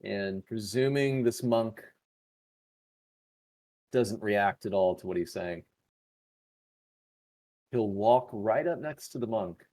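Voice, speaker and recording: A man playing a tabletop game, calmly describing his character's actions in an unhurried way. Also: fairly low pitch. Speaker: player.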